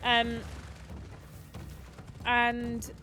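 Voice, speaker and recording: A woman's voice: on the high side, completely flat delivery, drawn-out words, sharp tone, soft background music. A woman in her twenties hosting a gaming livestream, chatting casually and rambling with lots of fillers. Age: 20s. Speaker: streamer host.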